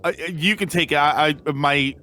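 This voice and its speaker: A man co-hosting a gaming stream, teasing and bantering quickly with the others. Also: a little high, pushed and bright, a little hiss or hum. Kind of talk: casual chat.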